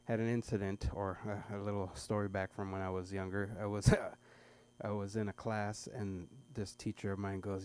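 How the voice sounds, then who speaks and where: A middle-aged man rambles through a stand-up bit, stumbling and restarting as he goes. His voice is dark and mellow, picked up by a stage microphone at a small club. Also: on the low side, little pitch movement, fairly quick, hardly any pauses. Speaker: stand-up comedian at an open mic. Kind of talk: stand-up set.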